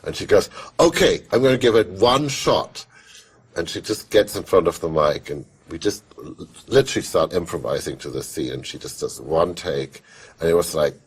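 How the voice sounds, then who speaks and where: A man with a deep, slightly husky voice talks in a casual interview. His sentences wander, with frequent fillers and restarts. Each story builds with animated energy. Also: a little fast. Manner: rambling, many fillers and restarts; animated anecdote telling. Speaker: film composer interviewed.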